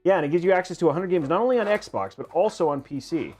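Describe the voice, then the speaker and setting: A man's voice: fairly high pitch, animated, fast talker, a little mellow, soft background music. Rambling, playful male stream host. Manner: rambling, playful, self-mocking. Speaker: livestream host. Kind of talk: casual livestream chat.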